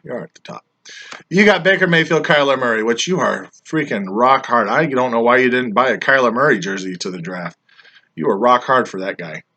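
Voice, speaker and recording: A man casually grading his friends' fantasy football drafts, teasing and rambling, often trailing off quietly at the ends of his lines, his voice getting worn. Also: mid-range voice. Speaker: fantasy football league member reviewing drafts.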